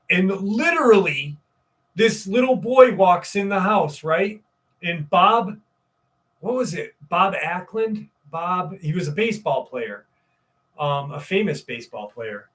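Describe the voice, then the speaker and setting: A man's voice: high-pitched, lively intonation, measured pace, a bit bright, far from the mic. A man hosting a live stream, rambling casually, swearing freely and greeting viewers in the chat. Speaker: livestream host.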